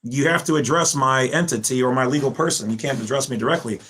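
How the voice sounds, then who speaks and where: Husky man lecturing on a podcast. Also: medium pitch, fast. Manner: animated, lecturing, rambling with restarts. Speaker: podcast guest explaining legal theories. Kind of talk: casual podcast talk.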